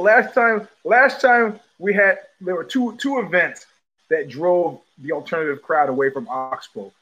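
A middle-aged man hosting his own live show from home, talking in loose digressions with frequent restarts, blunt profanity and quick laughs. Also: fairly high pitch, a bit bright, dull audio. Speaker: podcast host. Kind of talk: rambling live-stream monologue.

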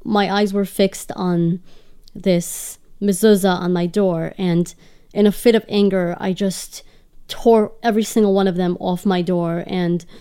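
A woman's voice: lowish voice, mellow, smooth. A woman telling her personal story as an interview guest, in an earnest, emotional way.

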